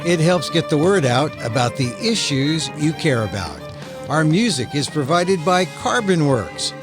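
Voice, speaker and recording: A man hosting a podcast, reading a scripted outro in a steady announcing manner. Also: a little high, unhurried. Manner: steady, read-aloud announcing. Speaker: podcast host. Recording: studio voice-over with music bed.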